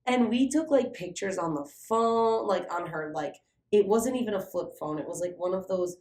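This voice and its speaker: A young adult woman, co-host of a podcast, tells a casual, animated story at a medium pitch and moderate pace. The room is echoey, and her talk is packed with "like" and swearing.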